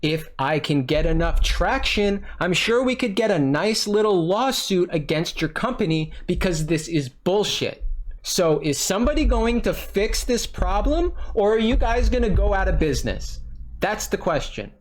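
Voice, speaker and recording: A man's voice: sits high, animated, normal speed. Exasperated man ranting on a phone call. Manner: exasperated, ranting, repeats himself, swears. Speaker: frustrated customer on a support call. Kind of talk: heated phone complaint. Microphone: recording his own side of a phone call.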